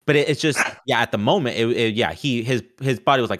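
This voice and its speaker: A man talking fast and loose in a casual sports chat, restarting his sentences and leaning on "like" as a filler. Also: mid-range voice. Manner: animated, restarts often, many "like" fillers.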